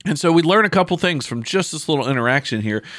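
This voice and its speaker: A man's voice: a little high, lively intonation, fast, fairly bright tone, no echo, studio quality. A man who is a pastor, teaching from the Bible in a casual, conversational podcast, reading scripture aloud between loose asides and fillers.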